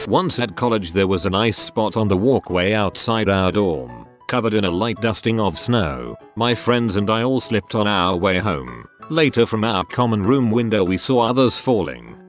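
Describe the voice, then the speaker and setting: A man with a lowish voice reads out short stories as scripted narration, keeping an even, matter-of-fact delivery. Soft music plays faintly underneath.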